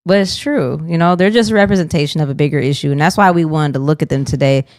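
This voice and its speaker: A woman's voice: low-pitched, fast talker, darkish tone, no room sound, clean studio sound. A woman co-hosting a faith podcast, speaking in a thoughtful, earnest way about faith and relationships. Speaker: podcast co-host.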